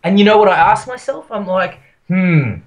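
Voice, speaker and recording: A man's voice: high-pitched, fairly quick. A man co-hosting a podcast, playful and jokey in casual chat. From Australia. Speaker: podcast co-host.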